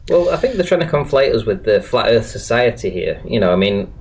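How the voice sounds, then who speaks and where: A man's voice: medium pitch, very animated, fairly quick. A man hosting a live online panel, reading viewer questions and steering the talk. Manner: reads chat questions, moderates. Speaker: panel host.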